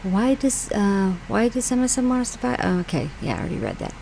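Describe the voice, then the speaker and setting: A woman's voice: mid-range voice, expressive, fast talker, vocal fry, dark tone, a little hiss or hum, low-quality recording. A woman from New York hosting her own channel, reading online posts aloud and commenting on them in a rambling, conversational way. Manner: rambling, conversational, with frequent fillers and asides. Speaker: channel host.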